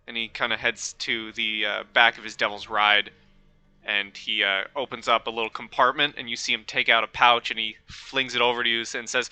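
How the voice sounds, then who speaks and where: A man's voice: medium pitch, level tone, a little fast, bright, forceful tone, clear, resonant tone, dry recording. A man running a tabletop game as game master, narrating in a loose, rambling way with many fillers.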